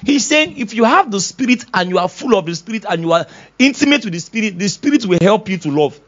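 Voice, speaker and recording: A man preaching, his pitch high and swinging widely as he acts out little dialogues. He laughs often and shifts between soft asides and bursts of energy. The recording is somewhat dull and lo-fi. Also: animated, fast talker. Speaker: pastor. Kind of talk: sermon. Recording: dull lo-fi sound.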